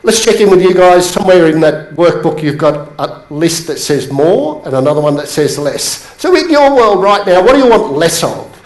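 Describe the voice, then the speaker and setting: A man coaching a seated audience in a motivational bootcamp talk, telling stories with sudden rises in pitch for emphasis. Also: normal speed, few pauses. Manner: animated storytelling, pitch jumps up for emphasis. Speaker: business coach. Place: training room with a live audience. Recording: echoey room.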